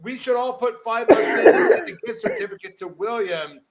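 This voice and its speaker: A man co-hosting a podcast in casual chat, joking loudly and throwing in movie quotes. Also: very high-pitched, wildly swooping pitch, brisk, a crowd in the background. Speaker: podcast co-host.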